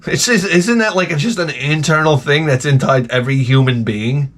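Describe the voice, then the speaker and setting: A talk show host with a slightly high, fairly bright voice rambles casually at a moderate pace, ranting crudely and cursing. Mocking voices pop up often in his delivery.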